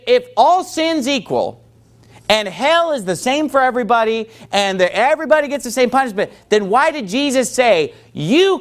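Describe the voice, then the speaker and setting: Pastor, male, high voice, emphatic sermon delivery that keeps questioning the room.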